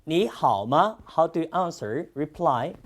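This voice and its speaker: A Chinese language teacher, a native Chinese speaker, teaching a class in English with steady praise and repetition. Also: medium pitch. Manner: slow, encouraging, repeats lots of praise. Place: classroom with students.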